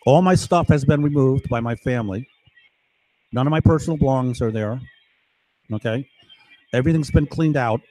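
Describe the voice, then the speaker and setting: With a warm, medium-pitched voice at a moderate pace, this middle-aged New York man leaves long pauses on a dry recording. His rambling monologue is full of "right?" and "you know?", and he acts out the overheard voices in his tale.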